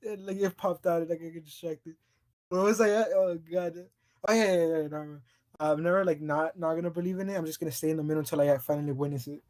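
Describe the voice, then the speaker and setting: A man's voice: fairly high pitch, fairly even intonation, fast talker, darkish tone. A man co-hosting a podcast in casual chat, telling a story in a rambling way, stumbling over restarts and laughing often. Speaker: podcast co-host.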